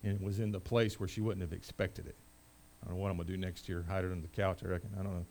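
In his sermon, a middle-aged pastor alternates booming proclamation with hushed conversational asides. His voice is low-pitched and level in tone, and he races along.

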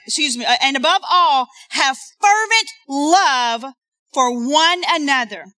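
A woman delivers a church sermon in a high, ringing voice with a bright, forceful edge. She keeps the congregation involved and prompts them to repeat key phrases to the people beside them. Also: expressive, normal speed. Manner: interactive, calls on the congregation to repeat lines. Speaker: preacher. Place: church sanctuary.

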